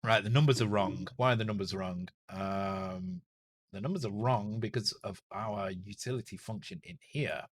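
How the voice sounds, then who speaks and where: Here a Northern English streamer talks at a normal speed in a lowish voice. He's coding a retro game live, thinking aloud, muttering to himself, correcting his slips and joking with casual swearing.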